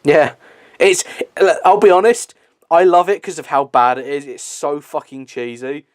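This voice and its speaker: A man's voice: a little high, steady tone, moderate pace, dry recording. A young man giving a casual movie commentary, chatty and swearing, with lots of fillers and laughs.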